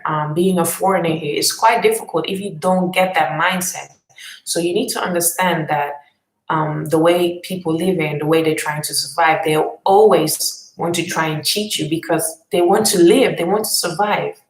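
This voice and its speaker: Woman vlog host on a live stream; low, creaky voice in a roomy space, chatty and unhurried. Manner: thoughtful, hesitant, many fillers. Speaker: vlog host answering live chat questions. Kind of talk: casual live-stream chat.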